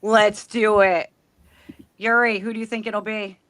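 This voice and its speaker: A woman's voice: mid-range voice, level tone, measured pace, fairly bright tone. A woman hosting a show, playful and teasing in casual chat. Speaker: show host.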